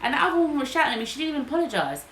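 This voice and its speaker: In a high-pitched, very fast voice, a woman co-hosting a podcast animatedly recounts a story in casual conversation. She acts out quotes from other people as she goes, and faint noise and room echo surround her.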